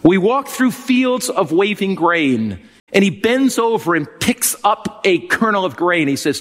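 A man's voice: sits high, sing-song, normal speed, a bit bright. A man preaching a sermon with emotional delivery that swells and drops. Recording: long hall reverb.

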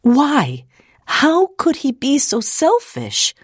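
A woman's voice: mid-range voice, very animated, slow pace, darkish tone, no room sound, clean studio sound, pitched above the performer's own voice. A woman reading a storybook aloud and voicing an impassioned young woman who pleads and grows indignant. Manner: pleading, rising toward hysteria.

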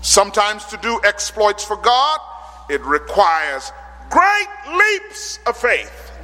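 A man from the Caribbean islands preaching a sermon, dramatic, with rhetorical questions and sudden loud peaks. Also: high-pitched, huge pitch swings, slow pace. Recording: long hall reverb.

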